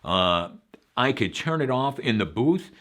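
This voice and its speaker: A man's voice: medium pitch, sing-song, measured pace, a bit bright. A man from Long Island with a faint New York accent, hosting a show and giving frank, casual advice full of fillers. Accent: slight Long Island New York. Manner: frank, conversational, many fillers. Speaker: voiceover show host.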